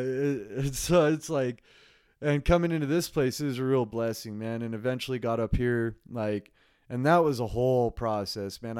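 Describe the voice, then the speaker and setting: A man's voice: mid-range voice, a little mellow, smooth, no echo, studio quality. A man hosting his own podcast, rambling in a casual solo monologue, swearing freely and laughing often. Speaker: podcast host. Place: home recording space.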